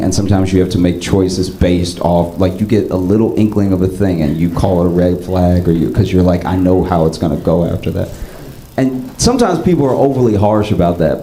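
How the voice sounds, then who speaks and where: A male stand-up comedian telling stories with animated swings up into excited bits, on a comedy club stage. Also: reverberant, a little hiss or hum, poor audio. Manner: animated storytelling, jumps up high into excited bits.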